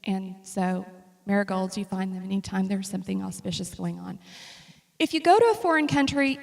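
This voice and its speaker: A woman's voice: on the high side, gravelly. Chatty woman telling travel stories in a hall. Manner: chatty and humorous, lively storytelling. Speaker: speaker presenting travel slides. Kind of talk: casual slideshow talk to an audience. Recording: long reverb of a hall.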